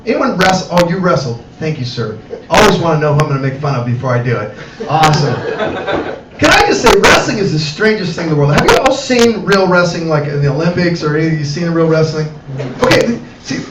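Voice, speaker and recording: A middle-aged man performing animated stand-up comedy at a cafe comedy night, talking to the audience. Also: high-pitched. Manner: animated, acts out voices, addresses the audience. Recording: roomy, distant mic, loud background noise.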